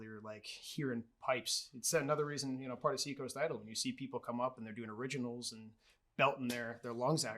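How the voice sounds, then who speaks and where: A man's voice: medium pitch, pushed and bright. A man, a musician guest on a talk show, chatting eagerly and emphatically, laughing often. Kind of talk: casual interview chat.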